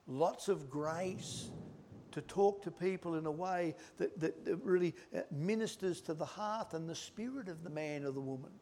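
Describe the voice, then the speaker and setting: A middle-aged male preacher giving a sermon, swinging from loud emphatic lines to hushed whispered words. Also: fairly high pitch, animated, moderate pace.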